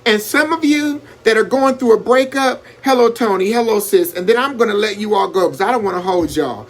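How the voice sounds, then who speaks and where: A man hosting a live stream, talking in an animated, preacherly way and greeting viewers by name as he gives advice. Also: sits high, brisk, few pauses. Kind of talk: casual motivational live-stream talk.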